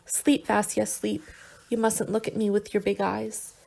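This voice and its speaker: A woman reader voicing a tender young man who gently coaxes and teases his sick lover in an audiobook. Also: mid-range voice, level tone, a little slow, vocal fry. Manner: gentle and coaxing, with soft teasing.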